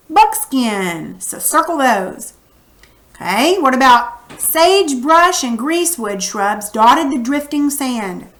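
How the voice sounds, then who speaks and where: Slow, patient woman teacher. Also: a little high, fairly bright tone. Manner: patient, coaching, casual classroom talk; narrates while writing on screen. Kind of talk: recorded reading lesson.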